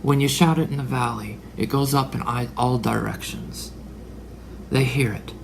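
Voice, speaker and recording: A man's voice: medium pitch, steady tone, normal speed, creaky, background noise. A man in his forties delivering a religious monologue, dramatic, sometimes dropping into whispered asides. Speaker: religious speaker. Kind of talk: preaching monologue.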